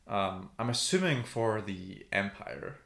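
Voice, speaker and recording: A man's voice: lowish voice, expressive, slow, gravelly, fairly bright tone. A man co-hosting a podcast, chatting casually about TV and thinking aloud with many ums. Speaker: podcast co-host. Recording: roomy echo.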